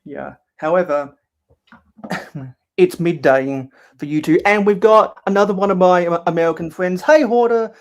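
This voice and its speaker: A man with a high voice speaks at a measured pace while casually livestreaming a LEGO build. He hesitates often, fills gaps with filler words, and reads his viewers' chat messages out loud.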